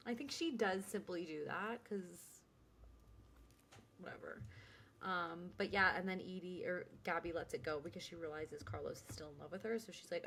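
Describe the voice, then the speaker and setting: A woman's voice: on the low side, animated, normal speed, fairly bright tone, a little hiss or hum. A woman co-hosting a podcast, chatting casually and giggling as she recaps a TV episode. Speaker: podcast co-host. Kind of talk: casual chat recapping a TV show.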